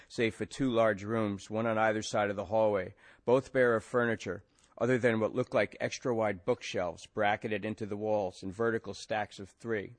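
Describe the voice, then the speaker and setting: A male author reading from his novel in an even, measured way, then answering questions. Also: on the low side.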